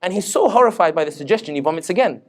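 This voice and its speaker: This high-sitting, animated voice races along as a Tunisian man with a British accent gives a public talk at an Islamic center. He is a political analyst and guest speaker, keeping things joking and full of anecdotes.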